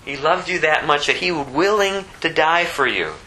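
A man's voice: normal speed, sharp tone, a little hiss or hum, rough recording. A man preaching a sermon, his voice rising sharply when he gets emphatic. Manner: impassioned, pitch climbing sharply when emphatic.

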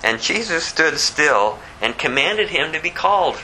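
Male pastor, fervent sermon, bright tone, lively pitch, faint background noise. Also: unhurried, rough recording. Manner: animated, fervent, rises to near shouting. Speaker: preacher.

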